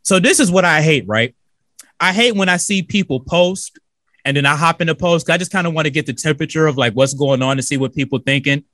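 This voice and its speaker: A man's voice: fairly high pitch, a little fast, fairly bright tone, no room sound. A man co-hosting a radio talk show in a studio, loose and slangy, cursing freely. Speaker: radio co-host.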